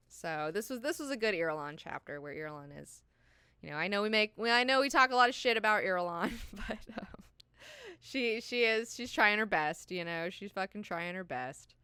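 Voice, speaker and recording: A woman hosting a book club, recapping chapters in a profane, animated way and paraphrasing characters in slang. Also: lowish voice, fairly quick, clean tone, no room sound.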